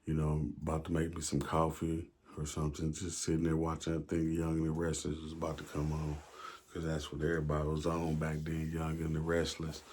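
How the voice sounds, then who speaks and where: A man's voice: a bass voice, monotone, a little fast, a little mellow, slight background noise. A man telling a prison story in casual, slangy, profane talk, with many fillers. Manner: slangy, profane, keeps saying "you know what I'm saying".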